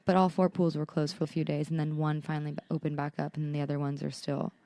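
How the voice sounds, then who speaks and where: A young adult woman co-hosting a podcast, chatting casually and telling animated stories about her toddler. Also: sits low, fast talker, no room sound. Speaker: podcast co-host. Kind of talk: casual chat.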